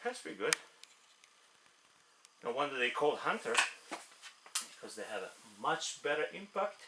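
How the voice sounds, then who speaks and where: A man's voice: medium pitch, big pitch swings, unhurried. A man testing an air rifle, reading out velocity numbers in short bursts and chatting casually between shots. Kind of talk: casual commentary while test shooting. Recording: roomy echo with clear background noise.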